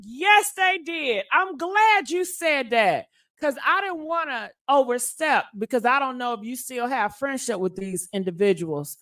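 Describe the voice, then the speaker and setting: Higher-voiced woman host, sassy preachy commentary. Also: lively intonation, measured pace, hardly any pauses, a bit bright. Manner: preachy, emphatic, calls people girl. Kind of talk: casual commentary.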